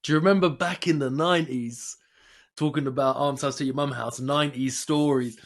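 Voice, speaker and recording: A man's voice: medium pitch, a little fast. A man, co-hosting a casual podcast chat and acting out the people in his stories. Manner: animated storyteller who acts out the people in his stories. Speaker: podcast co-host.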